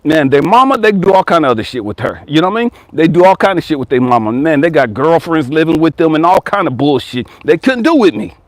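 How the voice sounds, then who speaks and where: A man's voice: fairly high pitch, very animated, fast talker, hardly any pauses, no room sound. A man in his forties giving a blunt, profane motivational talk as a life coach and channel host. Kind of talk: casual motivational monologue.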